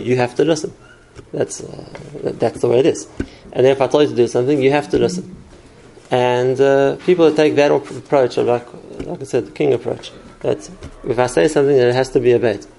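A man's voice: mid-range voice, fairly even intonation, a little fast, vocal fry, warm tone, slight background noise, low-quality recording. A man teaching a class on parenting, explaining through stories and examples and answering questions.

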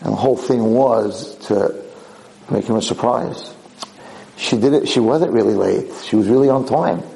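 New rabbi telling a story to a class, lively and animated. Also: male voice, normal speed, creaky, poor audio. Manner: animated, acts out yelling characters in high pitch. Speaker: rabbi lecturer. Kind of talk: storytelling Torah lecture.

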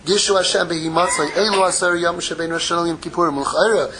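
A man giving an impassioned Torah sermon, mixing Hebrew terms into English and swinging from loud pleading to hushed, intimate tones. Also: on the high side, fairly even intonation, fast, noisy background. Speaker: rabbi giving a Torah class.

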